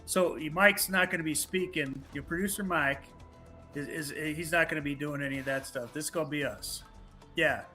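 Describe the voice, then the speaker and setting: A man's voice: fairly high pitch, moderate pace, sharp tone, faint music behind. A man co-hosting a casual chat, hesitant and prone to restarts. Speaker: co-host.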